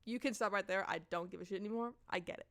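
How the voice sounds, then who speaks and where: A woman's voice: mid-range voice, rapid-fire, fairly bright tone, no room sound. A woman streamer making wry, sarcastic asides while reading a game, at a close microphone at home. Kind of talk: casual game commentary.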